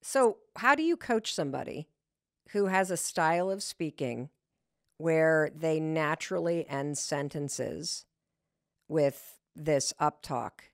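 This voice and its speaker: Woman host, casual interview, animated, dry close sound. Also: low-pitched, no room sound. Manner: animated, reacts with quick questions. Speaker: podcast host.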